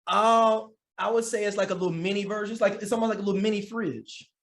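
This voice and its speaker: High pitched guy cohosting a podcast, laid back and jokey, lots of ums and repeats. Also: steady tone, fast talker. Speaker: podcast co-host. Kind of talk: casual chat.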